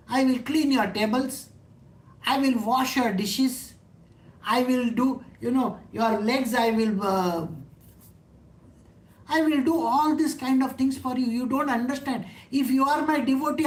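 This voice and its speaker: A woman giving an informal talk on scripture, chatty, often asking her listeners questions and laughing. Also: fairly high pitch. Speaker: spiritual teacher. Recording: echoey room.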